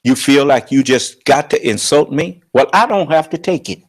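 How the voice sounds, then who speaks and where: A man preaching on scripture with emphatic, confrontational delivery, slowing down to draw out quoted verses. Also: mid-range voice. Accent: American. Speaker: religious leader and teacher.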